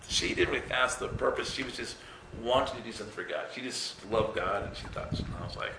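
A man preaching a sermon in a relaxed, conversational way, telling stories with self-mocking humor. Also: lowish voice, a little fast, creaky. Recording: roomy echo with faint noise.

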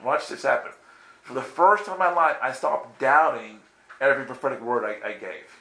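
In a mid-range, bright, forceful voice at normal speed, a man animatedly recounts a faith story as a guest giving his testimony. He performs the dialogue and laughs frequently, and the recording comes from an echoey room with faint background ambience.

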